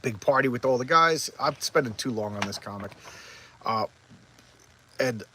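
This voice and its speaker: A man casually walking through a comic book issue, rambling and halting with lots of restarts, openly enthusiastic about the panels he loves. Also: mid-range voice, expressive, sharp tone, slight background noise, rough recording. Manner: rambling, halting, stumbles over words. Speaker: comic book collector reviewing back issues. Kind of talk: casual comic review chat.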